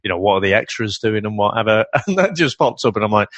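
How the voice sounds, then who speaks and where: A man co-hosting a casual film review podcast, chatty and quick to laugh, with a lot of rambling asides. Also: lowish voice, lively intonation, fairly bright tone, no room sound. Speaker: podcast co-host.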